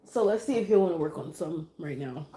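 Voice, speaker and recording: Chatty, emotional woman, slightly low voice. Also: animated, a little fast, warm tone. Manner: chatty and emotional, switching to sing-song coaxing with her toddler. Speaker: mother live-streaming at home. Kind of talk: casual live-stream chat.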